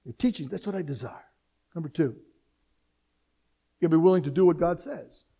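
Middle-aged male pastor with a high voice, preaching with energy and humor. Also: brisk, gravelly, slightly rough, highs cut off. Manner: animated preaching with rhetorical questions and humor. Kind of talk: sermon.

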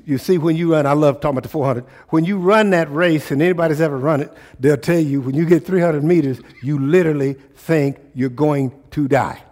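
A man preaching a sermon in a call-and-response style, often climbing into loud exhortation. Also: fairly high pitch, fairly quick, few pauses. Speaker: pastor.

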